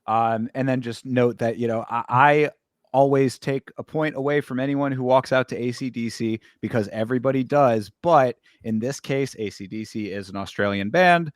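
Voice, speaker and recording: A man's voice: medium pitch, normal speed, no echo, clean studio sound. Easygoing man co-hosting a fight show. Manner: easygoing, agreeable, hedging. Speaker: co-host. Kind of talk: casual fight breakdown chat.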